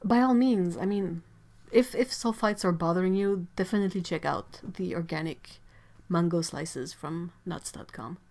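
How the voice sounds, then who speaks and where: A young woman with a stuffy nose, hosting a casual livestream from her home art studio. She chats and giggles, reads out viewer comments, and trails off into soft asides. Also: on the low side, normal speed. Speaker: livestream host.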